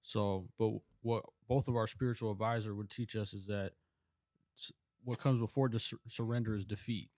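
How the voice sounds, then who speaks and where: Low-voiced, calm male host. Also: moderate pace, no room sound, clean studio sound. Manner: calm, reflective, steering the conversation. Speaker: podcast host. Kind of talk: casual chat.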